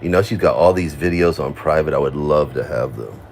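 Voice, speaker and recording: A man's voice: a bass voice, brisk, darkish tone, slight background noise. A man in casual rambling commentary, laughing and accusatory as he goes over an online feud.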